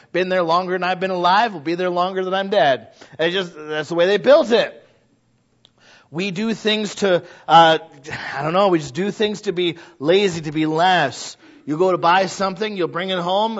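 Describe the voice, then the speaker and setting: A middle-aged male pastor preaching a sermon in a church, talking conversationally and building to loud exhortation. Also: high voice. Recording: dull lo-fi recording.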